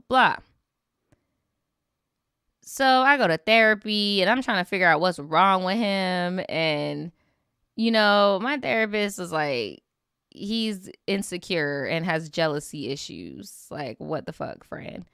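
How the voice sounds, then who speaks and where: A woman's voice: mid-range voice, a bit bright, clear, resonant tone, no echo, studio quality. A young woman hosting a casual storytime stream, reading viewer updates and reacting with slangy, sarcastic commentary.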